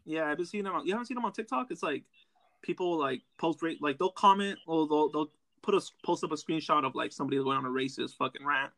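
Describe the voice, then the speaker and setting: A man's voice: fairly high pitch, a bit bright, dry recording. A man ranting heatedly and profanely in casual podcast chat. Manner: heated, profane, fast rant.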